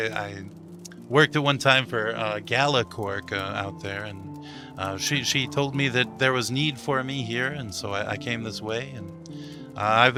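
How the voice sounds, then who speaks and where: A man's voice: mid-range voice, natural voice. A man voicing a prim, well-kept male goblin servant who stammers politely.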